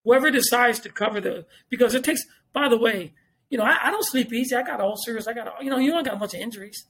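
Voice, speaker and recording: A man's voice: very high-pitched, fast talker, fairly bright tone, a little hiss or hum. A man, talking as a podcast guest in casual chat, emphatic, repeating himself and swearing freely.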